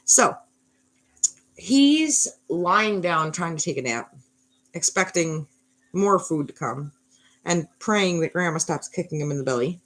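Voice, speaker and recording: A woman's voice: on the low side, lively intonation, measured pace, long pauses, a bit bright. A woman in her thirties telling a fairy tale in a wry, rambling way, full of sarcastic asides. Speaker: mother telling a bedtime story. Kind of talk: sarcastic storytelling.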